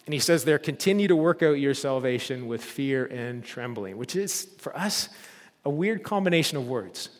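A man preaching a sermon as a pastor, telling stories and rising to loud, emphatic peaks. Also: mid-range voice, animated, moderate pace, long reverb tail.

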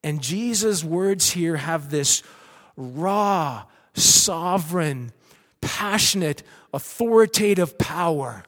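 A man preaching a sermon with animated delivery, acting out cheering crowds. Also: fairly high pitch, slow, big-room sound.

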